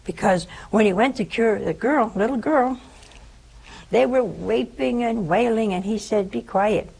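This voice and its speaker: Older woman giving a gravelly spiritual talk. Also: a little high, unhurried, rough recording. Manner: storytelling, animated in quoted speech. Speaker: religious teacher.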